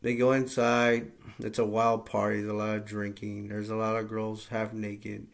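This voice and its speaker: Brief: male vlogger recapping a film, low monotone with heavy vocal fry, rambling and unpolished. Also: moderate pace. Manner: rambling, plain-spoken, with frequent fillers. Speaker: movie reviewer. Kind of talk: casual movie plot recap.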